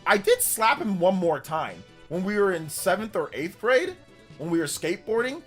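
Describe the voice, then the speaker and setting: A man in his thirties hosts a livestream and tells a story in casual talk. His pitch swings widely as he acts out the moments. Faint music plays under his voice. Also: moderate pace. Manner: animated, with exaggerated voices for quoted people. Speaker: livestream host.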